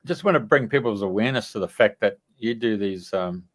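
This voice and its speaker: A man's voice: lowish voice, brisk. A man hosting an interview, chatting in short, conversational remarks. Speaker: podcast host. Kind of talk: casual interview chat.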